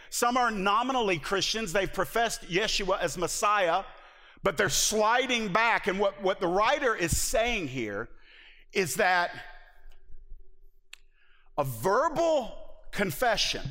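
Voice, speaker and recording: Man preaching, high voice, sharp bright tone, earnest emphatic delivery, long hall reverb. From Southern US. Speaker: pastor. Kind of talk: sermon.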